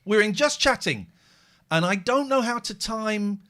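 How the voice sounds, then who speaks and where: Lively-voiced man hosting a casual stream. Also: high voice, a little slow. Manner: rambling, jokey, reads out chat messages. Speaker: host. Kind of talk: casual live-stream chat.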